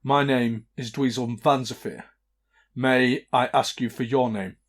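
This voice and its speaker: A haughty, pompous bard in a tabletop game who speaks formally and stretches every insult out slowly, as a man puts him on. The voice sits at a middle pitch with a husky edge. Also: fairly even intonation. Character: pompous male bard who mocks with long words.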